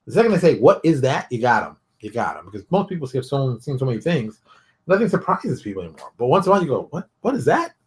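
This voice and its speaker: A middle-aged man hosting a show, giving blunt, animated advice in a casual monologue. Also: medium pitch, rapid-fire. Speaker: show host.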